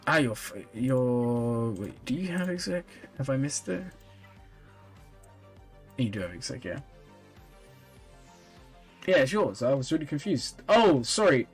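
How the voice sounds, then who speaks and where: A man's voice: mid-range voice, unhurried, long pauses, faint music behind. A tired man chatting casually on a live stream, answering viewers' questions. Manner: relaxed, chatty, reads and answers chat comments with small laughs. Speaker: streamer reviewing viewers' game accounts.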